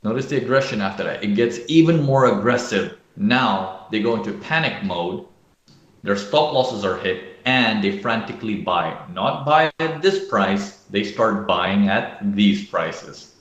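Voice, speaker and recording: A man's voice: lowish voice, lively intonation, slow pace, fairly bright tone, roomy sound, dull audio. A man teaching live trading analysis, who often checks in with "okay?" and acts out panicking traders. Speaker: trading educator.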